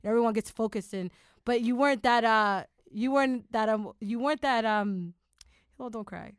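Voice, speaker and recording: A woman podcast host recalling a shared memory in an animated, rambling, emotional way. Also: on the high side, moderate pace, smooth, dry recording, studio quality. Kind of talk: conversational interview.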